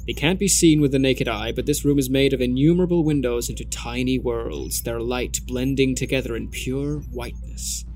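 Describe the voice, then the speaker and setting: A man's voice: mid-range voice, fairly even intonation, moderate pace, hardly any pauses, darkish tone, natural voice. A self-important tech CEO in middle age who lords it over his visitors and orders them about, played by a man reading a comedy story aloud. He speaks in a grand, pompous manner, with faint music behind him. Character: smug, bossy middle-aged male tech CEO.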